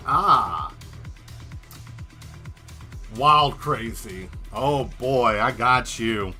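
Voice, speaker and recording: A man's voice: medium pitch, very slow, sharp tone, soft background music. A man hosting a casual livestream while he draws, joking and rambling straight to his viewers. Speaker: livestream host painting and answering chat.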